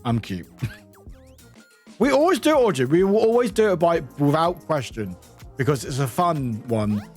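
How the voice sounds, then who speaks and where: A man with a British accent talks through a live game stream in a high, very animated voice that leaps all over the place. He laughs often, swears freely and bursts into shrill shouts. Soft music plays quietly behind him. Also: normal speed, pauses often. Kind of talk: casual live-stream chat while playing.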